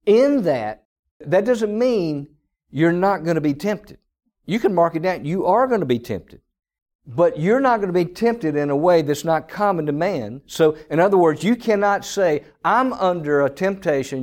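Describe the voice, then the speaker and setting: A man preaching a sermon, emphatic, with dramatic pauses and big swings in pitch. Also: a little mellow. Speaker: pastor.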